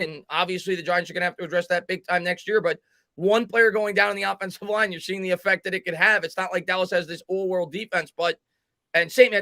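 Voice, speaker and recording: Bright-voiced man calling a live game. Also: high voice, dry recording. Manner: fast commentary, reads viewer chat aloud, halting restarts. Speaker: host doing play-by-play. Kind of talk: live sports play-by-play and reaction stream.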